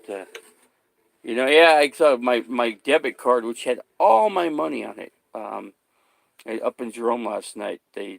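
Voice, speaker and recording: A man's voice: mid-range voice, gravelly, dry recording. A man talking casually to his camera, rambling, swearing and repeating himself as he gets worked up. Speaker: vlogger.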